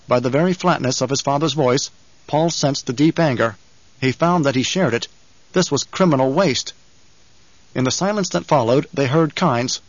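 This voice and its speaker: A man reading a story aloud as audiobook narrator, with measured, even delivery. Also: medium pitch, dry recording, muffled recording. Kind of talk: scripted narration.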